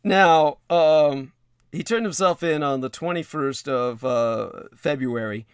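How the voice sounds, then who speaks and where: Reading news aloud on his livestream, this man keeps stopping for wry, rambling asides, marked by frequent hesitations and filler sounds. The voice is slightly high, slow and clean-toned, captured in clean studio sound with no room noise.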